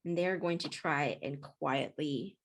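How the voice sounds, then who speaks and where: A woman runs a tabletop game, her voice sitting a little low. She explains the rules in a relaxed, rambling way, circling back and restarting. She narrates scenes in the same easy tone. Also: measured pace. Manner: casual, explanatory, with frequent fillers and restarts. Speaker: game master.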